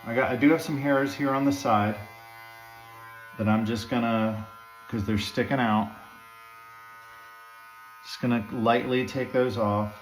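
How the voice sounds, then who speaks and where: A man's voice: mid-range voice, steady tone, unhurried, pauses often, slight background noise. A man casually talking viewers through trimming his own beard at home, rambling with fillers and asides. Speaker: beard-grooming vlogger. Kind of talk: casual how-to talk while trimming. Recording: echoey room.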